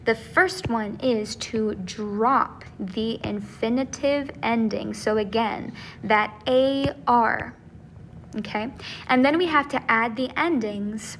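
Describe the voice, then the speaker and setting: A woman's voice: fairly high pitch, takes it slowly, slight background noise. A woman teacher explaining grammar step by step, checking in often with "okay?" and "right?". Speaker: Spanish teacher. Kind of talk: recorded grammar lesson.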